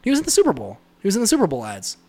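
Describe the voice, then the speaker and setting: A man's voice: high-pitched, huge pitch swings, rapid-fire, creaky, dark tone. A man chatting casually about movies, rambling with lots of fillers and laughing often. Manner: rambling, laughing, mimics voices in quotes.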